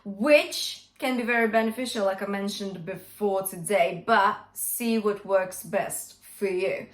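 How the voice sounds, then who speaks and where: Speaking a little slowly in a medium-pitched voice, a woman gives a singing lesson in an echoey room. She walks through technique, sings short demos and keeps checking in with "yeah?" and "okay?"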